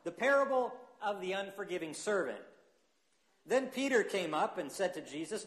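A male pastor preaches a sermon, reading scripture and praying. His voice sits fairly high, and he talks in an earnest, unhurried way with hesitant fillers. The sound is echoey, as in a church sanctuary. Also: very animated, fairly bright tone.

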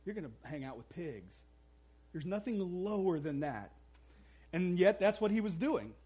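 Animated, high-voiced male preacher. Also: normal speed, breathy edge. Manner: animated storytelling with playful asides and acted-out voices. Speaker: pastor. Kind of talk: sermon.

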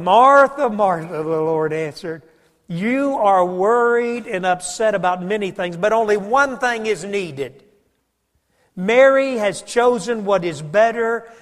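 A preacher delivering a sermon in a fairly high voice, mixing homey anecdotes with scripture. He drops suddenly soft for emphasis, and his words trail off into the long echo of a big sanctuary. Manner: folksy storytelling preacher, varies volume for emphasis. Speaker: pastor.

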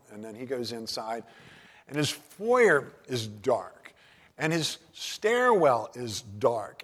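Male pastor, relaxed conversational sermon, frequent restarts, hushed emphasis, hall reverb. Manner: conversational, restarts often, drops low and soft on key points.

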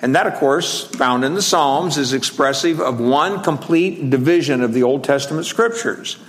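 A man preaching a sermon in a conversational, halting way, with frequent pauses and restarts, slowing down to stress scripture phrases. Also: medium pitch.

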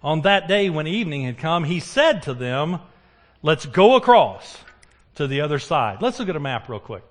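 High-voiced preacher asking questions. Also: male voice, a little fast. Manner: animated, asks the congregation questions. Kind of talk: sermon.

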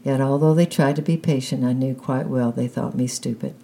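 A woman calmly reading a children's novel aloud in the first person, unhurried. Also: a bass voice. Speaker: audiobook reader.

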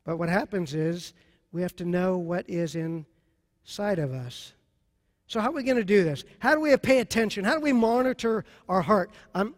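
A man preaching a sermon on marriage, emphatic and repeating key phrases slowly for effect. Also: high-pitched. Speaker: pastor. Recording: long hall reverb.

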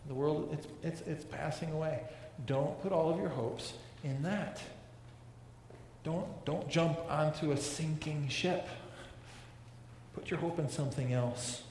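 A man's voice: a little high, a little mellow, a little hiss or hum. A man preaching a sermon as pastor, earnest and prone to repeating words and restarting his sentences. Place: large church hall. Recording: echoey hall with long reverb.

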